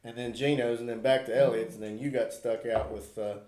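A man's voice: mid-range voice, fairly even intonation, fairly quick, dark tone. A man chatting casually, telling rambling stories and acting out what friends said. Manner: rambling storyteller, acts out quotes. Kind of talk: casual chat. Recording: roomy.

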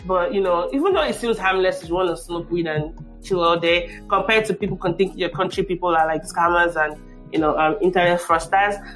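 A woman's voice: lowish voice, brisk, fairly bright tone. Woman host, long meandering questions, faint music bed. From Nigeria. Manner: rambling, many asides and restarts. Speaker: podcast host.

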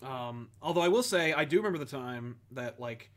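A man co-hosting a casual podcast chat, animated and ranting, dropping into quick mock voices. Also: medium pitch. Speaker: podcast co-host.

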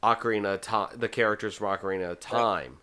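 A male podcast host chatting casually with friends. His voice is bright and clear, and he rambles along, often restarting and repeating his words. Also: fairly low pitch, fairly even intonation, quick pace.

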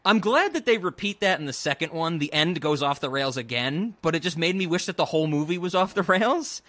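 High, animated male podcaster. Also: a little fast, dry recording. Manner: animated, laughing, mimics film lines in shrill voice. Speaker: podcast co-host. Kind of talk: casual movie review chat.

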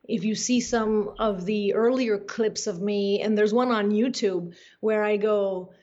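A woman's voice: medium pitch, steady tone, measured pace, hardly any pauses, a little mellow, highs cut off. A woman guest on a podcast interview who speaks in an earnest, motivational way.

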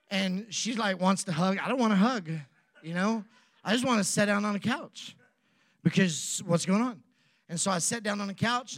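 A man's voice: high-pitched, no room sound, studio quality. A man, a pastor telling a humorous personal story in a sermon and acting out both sides of a phone call. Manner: animated, acts out both sides of a dialogue.

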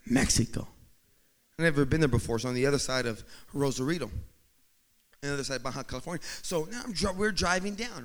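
A man telling a humorous personal story to an audience, acting out the scenes and building up to shouts. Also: on the high side. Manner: animated, acts out scenes, rising to shouts.

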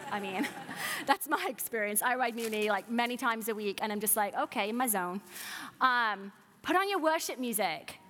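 A woman's voice: a little high, expressive, moderate pace, bright, forceful tone. A woman in her thirties preaching a sermon as pastor, earnest and emphatic, putting rhetorical questions to the congregation. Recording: long hall reverb.

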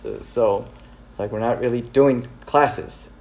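Mellow-voiced man telling stories casually. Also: mid-range voice, unhurried. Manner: swearing, laughing, acts out quoted people. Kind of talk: casual storytelling chat.

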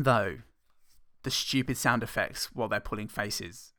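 A man's voice: fairly low pitch, unhurried, bright, forceful tone, no room sound. A man co-hosting a podcast, rambling casually about film scenes and laughing at his own jokes. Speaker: podcast co-host. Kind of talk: casual film-review banter.

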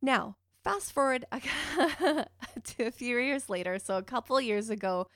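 A woman podcast host telling a personal story in a casual, animated, profane and self-mocking way, often jumping in pitch and volume. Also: slow pace, no echo, studio quality.

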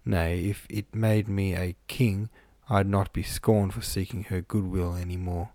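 A man voicing a surly, proud young countryman in a gruff, growling storybook reading. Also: low-pitched, steady tone, unhurried, a little mellow, no room sound. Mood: resentful.

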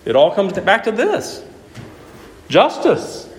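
This sermon comes from a man whose voice sits high and moves slowly, over slight background noise. Lively and emphatic, he keeps questioning his listeners to drive points home, and the room sounds echoey with faint ambience.

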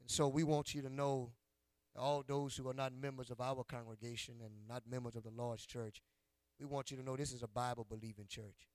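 A man's voice: medium pitch, flat delivery, brisk, darkish tone, no echo. A male pastor preaching a sermon in a church, calling out to his congregation in a rhythmic call-and-response style and teasing them in a folksy, playful way. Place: church sanctuary.

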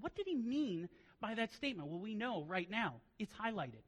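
A man preaching a sermon as pastor, telling stories in quiet asides and then rising into loud, emphatic preaching. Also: high-pitched, sing-song, normal speed, low-quality recording.

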